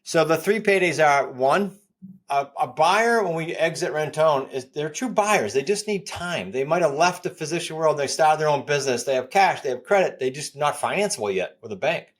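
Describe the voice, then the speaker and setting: New england guy in his 50s, podcast guest, upbeat salesy pitch, keeps repeating the big numbers. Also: moderate pace. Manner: energetic, pitching, repeats key points. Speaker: guest, real estate coach. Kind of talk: podcast interview.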